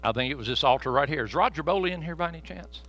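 Male pastor, folksy storyteller with a bright, forceful, slightly high voice, soft asides building to loud peaks. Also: expressive, very fast, low-quality recording. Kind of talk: sermon. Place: church sanctuary. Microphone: handheld microphone.

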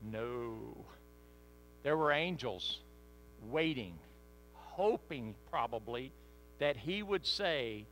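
A man's voice: mid-range voice, expressive, slow pace, pauses often, fairly bright tone, slight background noise, rough recording. A man preaching a sermon as pastor, reading scripture dramatically and speaking straight to his congregation.

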